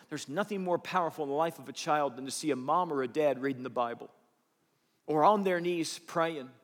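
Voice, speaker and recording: Middle-aged male pastor, emphatic sermon delivery, high voice, echoing hall. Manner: emphatic preacher, repeating phrases for effect. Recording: long hall reverb.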